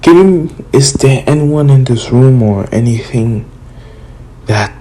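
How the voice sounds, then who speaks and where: Dude voicing an earnest young ninja, determined, slow talker, faint noise in back. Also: male voice, medium pitch, expressive, mellow. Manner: lightly voiced quotes in the narrator's own voice.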